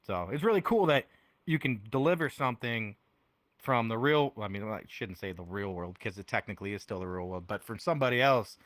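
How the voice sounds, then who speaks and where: A man's voice: on the low side, lively intonation, a little fast, fairly bright tone, no echo. A man chatting as a podcast guest, rambling with lots of fillers and frequent laughter. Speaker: podcast guest, VR music performer. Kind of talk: casual chat.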